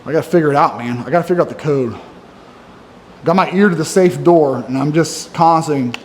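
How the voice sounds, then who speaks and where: A man's voice: a little high, fairly quick, darkish tone, a little hiss or hum. A man in his thirties venting in a ranting, self-critical monologue for his fitness vlog, wired on coffee. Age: 30s. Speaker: fitness vlogger. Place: gym.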